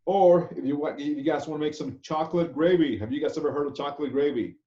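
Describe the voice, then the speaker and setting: Speaking a little high and at a quick pace with a dark tone, a male chef instructor gives a casual online class lecture. He keeps asking "okay?" as he goes, heard through echoey, dull video-call sound.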